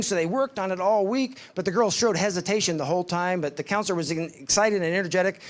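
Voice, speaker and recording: Man telling devotional stories, slightly high. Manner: storytelling, acts out quoted voices, slows for emphasis. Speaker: speaker at a ministry summit.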